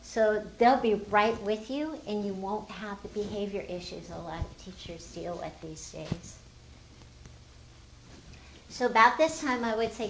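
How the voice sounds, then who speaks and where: An older woman walks fellow teachers through a phonics lesson, upbeat and teacherly. Her voice sits at an ordinary middle pitch. The room gives it a roomy echo with a faint hum behind. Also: normal speed. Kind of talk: explaining a classroom phonics lesson.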